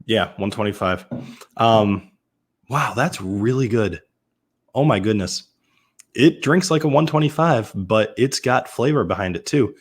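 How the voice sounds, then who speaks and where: A man's voice: lowish voice, expressive, unhurried, slightly rough. A man from Massachusetts hosting a casual live-stream whiskey tasting, chatting loosely, often restarting and correcting himself as he answers viewers. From Massachusetts, USA.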